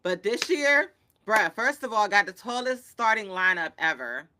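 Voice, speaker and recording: A woman hosting a casual sports show, reacting with excitable, slangy chatter. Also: medium pitch, moderate pace. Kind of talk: casual sports commentary chat.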